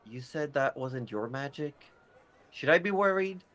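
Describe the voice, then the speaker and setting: A man's voice: mid-range voice, animated, unhurried, fairly bright tone. A man with an Australian accent voicing a weary, overworked female town official, dry and exasperated.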